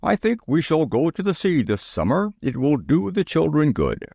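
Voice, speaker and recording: Man doing a gentle storybook father, measured, slow, lively in tone, dry sound. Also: fairly high pitch, gravelly, husky, dry recording, pitched above the performer's own voice, full character voice. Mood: fatherly. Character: kindly middle-aged father. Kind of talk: storybook reading.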